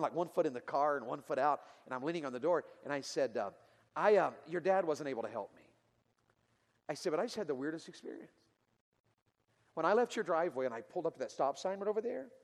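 A man preaching a sermon, telling a story earnestly, rising to loud emotional peaks and then dropping quiet. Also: a little high, long reverb tail.

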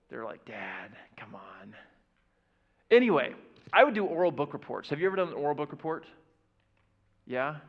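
A man in his thirties preaching a playful sermon to young people, asking the crowd questions. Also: medium pitch. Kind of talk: youth sermon. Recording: dull lo-fi church audio.

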